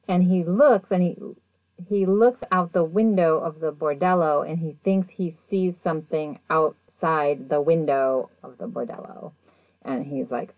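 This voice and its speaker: A woman's voice: fairly low pitch, moderate pace, dry recording, muffled recording. A woman hosting a podcast, recapping an episode in a casual, chatty way and acting out the people in it. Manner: chatty, animated retelling with quoted voices. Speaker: podcast host.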